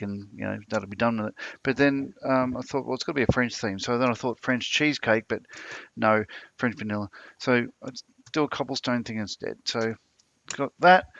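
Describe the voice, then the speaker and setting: A man's voice: medium pitch, vocal fry, a bit bright, highs cut off. A man hosting a casual video call chat, joking and rambling with lots of fillers. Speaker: host, model maker.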